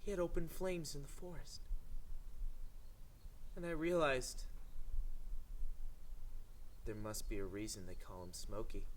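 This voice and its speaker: A young man telling absurd sad stories in a mock-dramatic, deadpan way that builds to flat punchlines. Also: medium pitch, measured pace, pauses often, slight background noise. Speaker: comedian.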